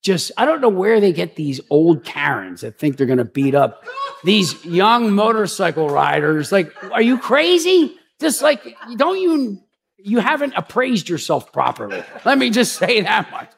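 A pastor giving a conversational sermon, chatty and rambling, with frequent restarts and asides. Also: male voice, high voice, sing-song, measured pace, vocal fry.

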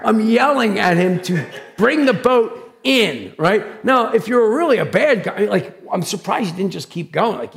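A male pastor with a high, gravelly voice delivers his sermon. He talks loudly and with animated drama, throwing himself into his stories. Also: normal speed, hardly any pauses. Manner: loud, animated, dramatic storytelling. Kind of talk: sermon with personal storytelling.

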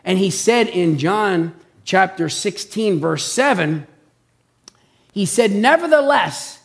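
A man preaching a conversational sermon, animated, who keeps checking in with his listeners with "okay?" and "right?". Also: sits high, slow pace, vocal fry.

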